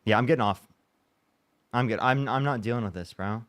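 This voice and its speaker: A man's voice: mid-range voice, brisk, fairly bright tone. A man hosting a livestream, talking casually and frustrated, swearing and restarting his sentences. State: upset after a bad day. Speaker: livestream debate host.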